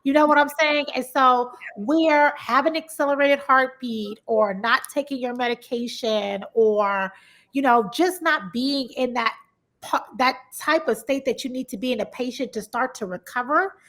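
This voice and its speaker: A woman's voice: sits high, normal speed. A woman podcast host from Compton, chatting in a casual interview and telling stories with acted-out quotes. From Compton, Los Angeles. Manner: animated storytelling, acts out quoted voices.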